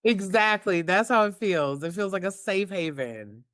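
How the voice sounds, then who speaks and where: Woman, 40s, tearful, halting, earnest, many restarts, dry room. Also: medium pitch, animated, a bit bright, no echo. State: tearful, choked up. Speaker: interview guest. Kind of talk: emotional personal conversation.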